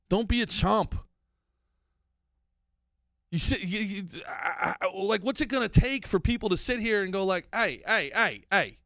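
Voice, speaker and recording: A man co-hosting a comedy podcast, ranting in a casual, animated way that swings from loud outbursts to mumbled asides. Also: extremely high pitch, normal speed, gravelly, no room sound, studio quality. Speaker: podcast co-host.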